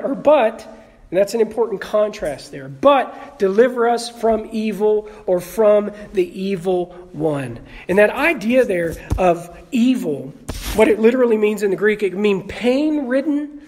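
Conversational preacher joking with congregation. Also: male voice, sits high, a little mellow. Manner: conversational, calls on the congregation with questions and jokes. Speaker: pastor. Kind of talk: sermon. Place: church sanctuary.

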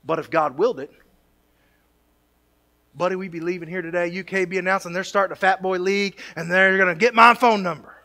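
High, bright-voiced pastor preaching. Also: male voice, steady tone, brisk, vocal fry. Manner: jokey asides, builds to emphatic peaks. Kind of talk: sermon. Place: church sanctuary.

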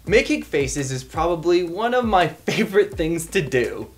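A woman's voice: on the low side, sing-song, moderate pace. A woman hosting a children's bedtime story show, reading picture books aloud in a playful, encouraging way that invites the listener to join in.

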